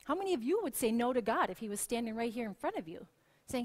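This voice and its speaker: Worship leader lady giving a sermon, kinda high pitched, tells stories w/ animated quotes. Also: fast talker. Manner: storytelling with lively acted quotes. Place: church.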